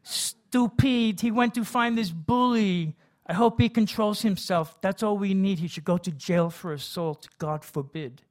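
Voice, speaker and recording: A man voicing a fretful, scolding middle-aged mother in a storytelling reading, with a shrill, nagging manner. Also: a little slow, few pauses.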